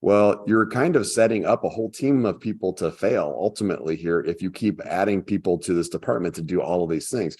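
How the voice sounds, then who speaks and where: A man's voice: low-pitched, a little fast, few pauses, warm tone, breathy edge. A man co-hosting a business podcast, talking in a loose, conversational way with frequent restarts. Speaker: podcast co-host, consultant. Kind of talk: casual business chat.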